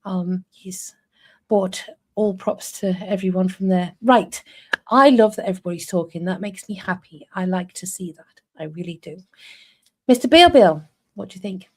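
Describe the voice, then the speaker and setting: Laughing frequently, a woman in her forties from North East England chats casually with viewers while co-hosting a live stream. Her voice is on the low side and darkish, with fairly even intonation and a normal speed.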